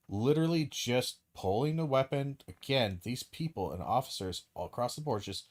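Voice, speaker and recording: A man's voice: mid-range voice, a little mellow. Heated, profane male streamer ranting. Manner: acts out hypothetical dialogue in quoted voices. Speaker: streamer host. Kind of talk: live stream commentary.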